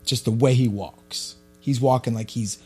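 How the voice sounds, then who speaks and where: A man, co-hosting a podcast and telling a story in casual chat. He swears freely and gets loud and animated. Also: medium pitch, a little slow, soft background music. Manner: profane, animated storyteller who shouts when quoting himself. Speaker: podcast co-host.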